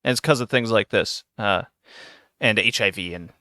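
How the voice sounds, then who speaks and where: Podcast guy, bright voice, animated recap, dry mic. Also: lowish voice, moderate pace, dry recording. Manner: animated plot retelling with laughs. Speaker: podcast co-host. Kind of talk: casual chat.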